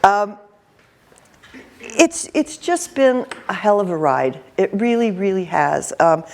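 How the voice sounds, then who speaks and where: A woman in her fifties, a career counselor, telling lively stories in an interview with an intense manner and frequent laughter. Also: fairly low pitch. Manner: animated, laughing storyteller. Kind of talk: storytelling in an interview.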